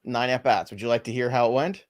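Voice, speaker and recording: A man with a New York accent co-hosting a live sports podcast, talking fast and joking between stats. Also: mid-range voice, darkish tone. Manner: quick, joking, laughs often. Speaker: fantasy baseball co-host. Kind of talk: casual live podcast banter.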